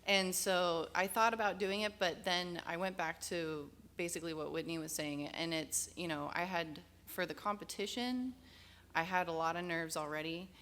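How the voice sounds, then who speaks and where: A woman with an American accent telling a story in a relaxed way on a panel. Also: lowish voice, normal speed. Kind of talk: casual panel discussion.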